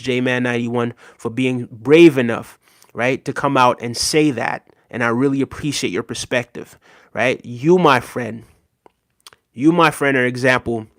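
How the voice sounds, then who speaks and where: A man with a mid-range voice hosts a live stream, reading viewers' chat messages aloud and earnestly answering them in casual commentary. He often ends with "right?" and thanks chatters by name. The sound is clean studio quality with no room sound.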